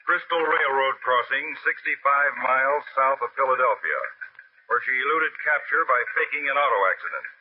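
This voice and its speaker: A man's voice: medium pitch, slightly rough, natural voice. An actor playing a stern male counterspy chief, giving a clipped official bulletin, in 1940s radio acting. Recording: tinny, phone-like old radio recording.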